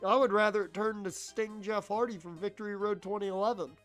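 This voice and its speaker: A man's voice: high voice, steady tone, brisk, fairly bright tone, soft background music. A congested man streaming a video game and reacting with profane, joking commentary. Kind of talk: let's play commentary.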